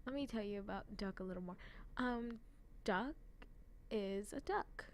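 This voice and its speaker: A woman's voice: mid-range voice, measured pace. A young woman talks casually and unhurriedly, her thoughts wandering and padded with fillers. She giggles at herself often. A faint hum of room noise sits under her voice. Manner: giggly, rambling, lots of "like" fillers, self-deprecating. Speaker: anime fan vlogger. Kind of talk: casual rambling chat.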